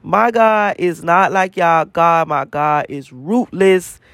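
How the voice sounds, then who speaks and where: Man, high-pitched, profane repetitive rant, dry close sound. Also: slow pace, fairly bright tone, no echo. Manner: profane, emphatic, repeats phrases for emphasis. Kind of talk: casual spiritual rant to camera.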